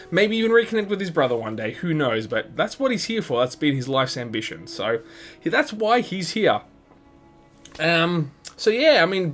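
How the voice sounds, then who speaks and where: A man hosting a let's play, giving chatty, rambling gameplay commentary full of restarts and laughs. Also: medium pitch. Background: game music.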